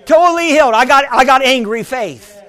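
In a brisk, very high-pitched voice, a middle-aged pastor preaches. He begins his stories softly, then works up to loud, excited outbursts.

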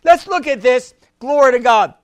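High-voiced emphatic male preacher. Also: expressive, moderate pace, no room sound. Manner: emphatic preaching with frequent repeated words. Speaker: pastor. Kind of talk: sermon.

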